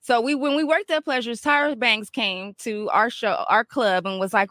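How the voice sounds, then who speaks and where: A woman's voice: fairly high pitch, fairly bright tone, no echo. A woman and former exotic dancer who frankly steers a casual chat and draws out her points. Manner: frank, drawn-out, sets up topics.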